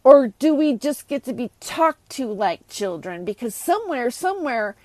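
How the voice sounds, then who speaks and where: A woman's voice: sits high, very animated, normal speed, a little mellow, dry recording. A woman hosting a casual solo rant, exasperated and sarcastic, rambling with many restarts. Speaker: host.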